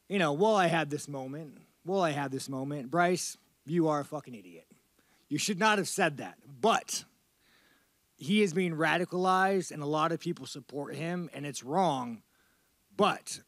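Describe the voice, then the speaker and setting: Profane rambling fighter, bro-ish. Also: male voice, on the high side, fairly bright tone, no echo, studio quality. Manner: profane, rambling and loose, often calling people dude. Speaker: fighter at a media interview. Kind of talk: casual media-day interview.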